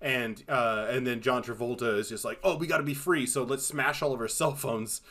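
Male podcast co-host, mid-pitched, animated and profane, acts out movie lines. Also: normal speed, a little hiss or hum. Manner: animated, swearing, acts out quotes in exaggerated voices. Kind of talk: casual chat.

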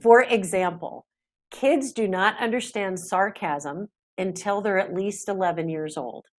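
A middle-aged woman, a parenting expert guest on a podcast interview, talking in a chatty, animated way. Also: mid-range voice, unhurried.

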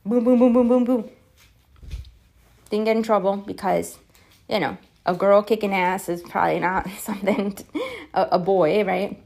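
Forties woman on her podcast, kinda gravelly, talks frank and lively, swears a lot. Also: mid-range voice, normal speed, pauses often. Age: 40s. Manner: candid, animated, swears freely. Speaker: podcast host. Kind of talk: personal storytelling monologue.

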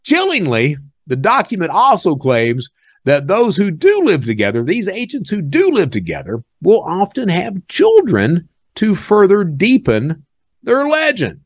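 A man hosting a podcast, talking casually in an animated, sarcastic way and dropping low when he reads from documents. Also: a little slow, no echo, studio quality. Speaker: podcast host.

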